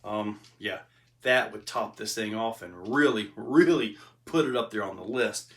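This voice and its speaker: A middle-aged man casually commenting while driving an RC crawler outdoors, chatty and easily excited, laughing often. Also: fairly low pitch, a little slow, breathy edge, no echo. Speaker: RC hobby reviewer. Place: outdoors on a rock trail. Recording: distant mic, faint outdoor noise.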